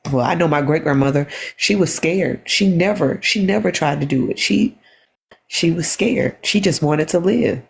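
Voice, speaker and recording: Tired woman on a phone livestream, gravelly voice, kinda halting and repeats stuff. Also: low-pitched. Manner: weary, halting, repeats herself. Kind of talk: emotional casual livestream talk.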